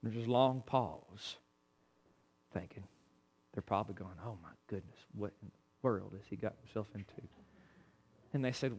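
A male preacher, delivering a sermon in a folksy storytelling way, moving between loud preaching and quiet asides. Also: on the low side, normal speed, long pauses.

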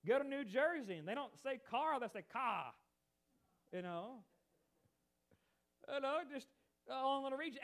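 A man from the United States preaching a sermon, animated and emphatic, with chatty asides to his congregation. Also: very high voice.

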